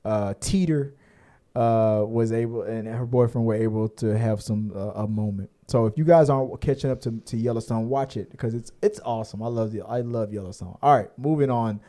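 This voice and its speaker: A man's voice: medium pitch, moderate pace, mellow. Rambling man on a casual podcast. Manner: rambling, profane, lots of fillers and restarts. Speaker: podcast co-host. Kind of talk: casual chat.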